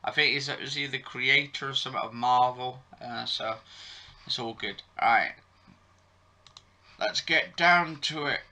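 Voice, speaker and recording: A YouTube vlogger reviewing soap episodes chats casually to camera in a medium-pitched voice that is pushed and bright. He talks a little slowly, rambling with many fillers and correcting himself often.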